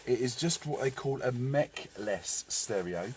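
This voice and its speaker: A man's voice: mid-range voice, lively intonation, unhurried, noisy background. A man chatting casually and rambling with jokes as he fits a car stereo himself. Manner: rambling and jokey, talking to himself as he works. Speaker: car DIY vlogger. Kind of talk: casual workshop chat while fitting a stereo.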